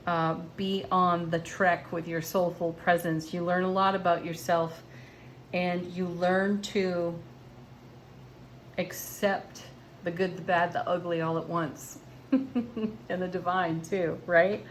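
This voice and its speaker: A woman giving a tarot card reading in a gentle, encouraging, spiritual manner. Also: fairly low pitch, flat delivery, slow, a little hiss or hum. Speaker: tarot reader.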